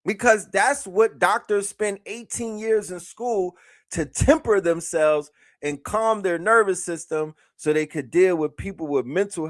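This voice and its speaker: A man's voice: sits high, fairly bright tone, dry recording, studio quality. A man giving loose, mocking reaction commentary on a clip. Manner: mocking, loose, laughing asides.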